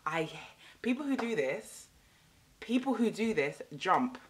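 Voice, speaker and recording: A young woman ranting casually to camera in a vlog, animated and exasperated, repeating phrases for emphasis. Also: mid-range voice, measured pace. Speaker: vlogger.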